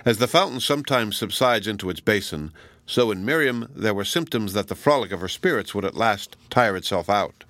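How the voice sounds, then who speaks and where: Male narrator for a classic novel: low, measured, dry and close. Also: no room sound. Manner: measured, even reading. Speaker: audiobook narrator. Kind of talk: scripted narration.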